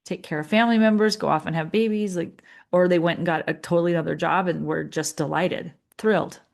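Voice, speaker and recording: A middle-aged woman with a slightly low voice, giving a coaching session. She talks in an earnest, chatty way and slips into the voices of her clients as she goes. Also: fairly even intonation, brisk, creaky. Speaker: leadership coach.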